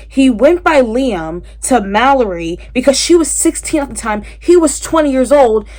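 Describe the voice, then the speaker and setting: A woman reacting to a book in a casual reading vlog, animated and exasperated, swinging between loud outbursts and tired mumbling. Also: on the high side. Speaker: book vlogger.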